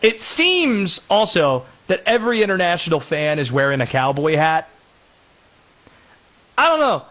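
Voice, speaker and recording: Male sports radio host, high voice, very lively delivery. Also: moderate pace, few pauses. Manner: lively, animated, jokey, breaks into put-on voices.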